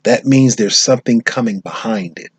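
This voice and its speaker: A man's voice: mid-range voice, normal speed, breathy edge, dry recording. An American man giving unscripted commentary on social issues, talking emphatically and often restarting and repeating his phrases. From United States.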